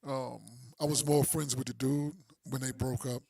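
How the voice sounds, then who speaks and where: A man on a podcast, spinning a story in relaxed, slangy talk. He drops into quick voices for the people he quotes, then comes back to his own easy chat. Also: mid-range voice, creaky, breathy edge. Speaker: podcast co-host.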